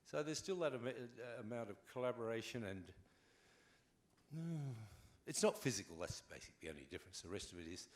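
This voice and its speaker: A man's voice: medium pitch, fairly quick. An older man with an Australian accent, an actor telling wry stories as a guest on a convention panel. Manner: animated, wry, acts out anecdotes. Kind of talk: relaxed anecdotal storytelling.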